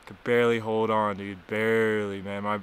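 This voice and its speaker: A young man talks to his camera by a cold river and waterfall, recapping a near-drowning in a rambling, profane way while shaken, weak, worn out and chilled. The casual vlog features his fairly low, smooth voice, level in tone and at a moderate pace.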